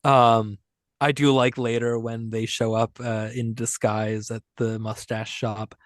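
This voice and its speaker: A man's voice: medium pitch, little pitch movement, a little slow, no echo, studio quality. A man co-hosting a podcast, rambling and joking in casual chat. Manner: rambling, chatty, jokey. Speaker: podcast co-host.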